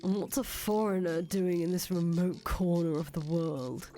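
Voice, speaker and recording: A woman's voice: fairly low pitch, unhurried, warm tone, faint music behind, lightly acted. A woman voicing a rude, guarded village boy who talks in a curt, mocking drawl, in a fan voice acting of a visual novel. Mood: scornful.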